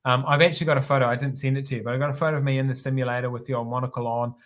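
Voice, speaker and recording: A middle-aged man with a New Zealand accent, a former helicopter pilot telling a story as a guest on an interview show, relaxed and rambling, often restarting and repeating words. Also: mid-range voice, very fast.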